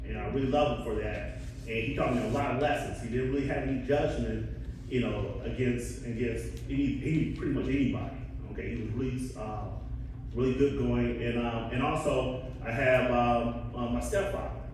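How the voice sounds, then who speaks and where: A man's voice: mid-range voice, steady tone, normal speed, a little mellow, a little hiss or hum. Folksy man speaking in an echoey church. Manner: conversational, folksy, asks the audience questions. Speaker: church speaker on Father's Day. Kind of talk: informal church talk with congregation participation. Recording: echoey church hall from far off.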